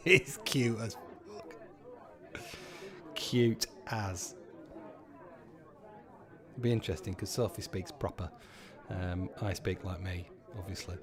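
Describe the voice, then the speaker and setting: A man in his thirties hosting a live pub quiz, chatty and sweary, repeating each question slowly. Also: low voice, fairly even intonation, crowd noise.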